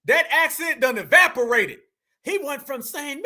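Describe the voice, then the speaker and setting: A man's voice: extremely high pitch, expressive, moderate pace, sharp tone. A man hosting a reaction commentary, mocking the people in the clips and calling his viewers fam. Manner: mocking, calls viewers fam, mimics others. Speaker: commentary channel host.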